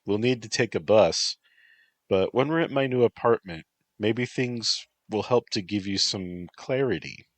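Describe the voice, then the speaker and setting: A man's voice: lowish voice, a little slow, no echo, voice pushed up, lightly acted. A man voicing an emotional young woman who pleads, cries and lashes out. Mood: wry. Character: volatile, heartbroken young woman actress.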